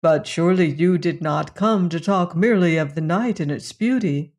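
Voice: mid-range voice, normal speed, a little mellow, natural voice. A reader voicing a polite space explorer. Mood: calm. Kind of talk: audiobook reading.

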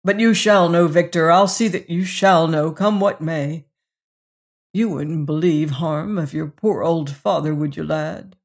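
A reader voicing an anxious older gentleman pleading with his son in an audiobook. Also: mid-range voice, a little slow, natural voice.

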